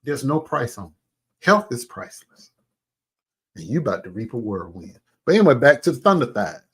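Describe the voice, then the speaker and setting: Male host, fiery profane rant, lively pitch. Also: normal speed, husky. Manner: animated, profane, mocking imitations. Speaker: commentary show host. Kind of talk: heated commentary rant.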